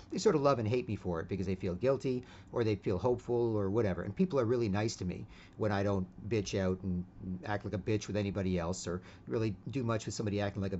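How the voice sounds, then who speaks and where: A man's voice: fairly low pitch, darkish tone, highs cut off, slight background noise. A man giving a casual opinion monologue, rambling with many restarts and constantly tagging his sentences with "right?". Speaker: vlogger.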